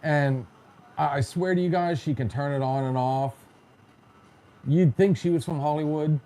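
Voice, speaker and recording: Slightly high and mellow, this man's voice moves at a normal pace as he hosts a casual podcast. He spins stories conversationally, cracking jokes and mimicking others in quotes.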